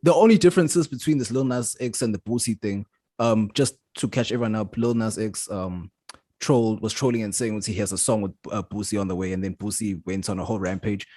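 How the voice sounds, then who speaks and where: Man, podcast co-host, husky mid voice, laid-back explainer, dry mic. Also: on the low side, a little fast, warm tone, dry recording. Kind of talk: casual chat.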